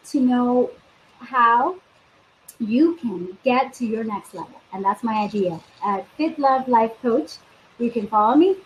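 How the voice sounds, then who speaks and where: A woman life coach hosts a live video stream in a high, bright register. She chats casually and upbeat, talking straight to her viewers. Her call mic picks up some faint background noise. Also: dull audio.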